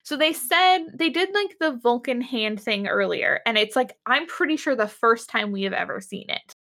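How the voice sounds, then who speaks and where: A woman's voice: fairly high pitch, lively intonation, normal speed, fairly bright tone. A woman casually recapping a TV episode as a podcast co-host, telling it animatedly with acted quotes.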